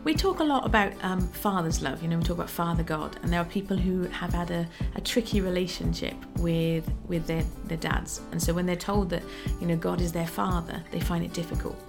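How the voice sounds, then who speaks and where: A woman host reflects earnestly and thanks her guests. Her voice is somewhat low with a gravelly edge, and clear music plays beneath her. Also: a little fast. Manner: earnest and appreciative. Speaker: show host. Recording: music playing behind.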